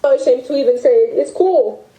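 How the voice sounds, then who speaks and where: A young French woman with a French accent, recounting a personal story in halting speech full of restarts. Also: high voice, warm tone, roomy sound, poor audio. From France. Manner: halting, with many restarts and fillers. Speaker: guest telling her story. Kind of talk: emotional personal account.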